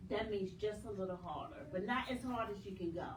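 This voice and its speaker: A woman reading a children's story aloud at a library storytime, animated and coaxing the children to join in. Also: mid-range voice, a little fast. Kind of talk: reading a picture book aloud to young children. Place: library program room, indoors. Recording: echoey room, mic from far off, noisy.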